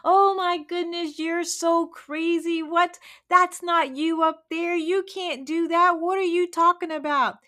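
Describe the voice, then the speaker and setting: A woman's voice: extremely high pitch, steady tone, a little slow, few pauses, pushed and bright, pitched above the performer's own voice, exaggerated voice. A woman voicing a flock of chickens who scoff and mock their friend. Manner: mocking, scoffing. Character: flock of mocking chickens, scornful.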